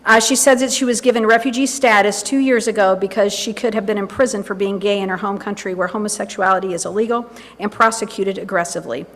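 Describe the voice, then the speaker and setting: This minister's voice is medium-pitched, steady and fairly bright, and she talks fast. Her sermon in the church sanctuary is chatty and informal, full of remarks to herself, all carried on the hall's long reverb.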